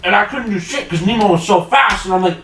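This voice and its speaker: A man co-hosting a casual podcast with friends, recalling games in an animated way, with swearing. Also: high-pitched, fast. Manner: animated retelling with swearing and laughs. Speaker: podcast co-host. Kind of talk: casual chat among friends. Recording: roomy echo, distant mic, faint noise.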